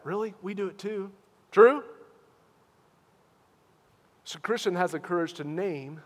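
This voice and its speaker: A man preaching in an earnest, questioning way, his voice pitched high for a man. He drops to a hush, then pushes loud again, and long reverb trails behind each phrase as in a big church hall. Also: moderate pace, pauses often. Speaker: pastor. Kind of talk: sermon.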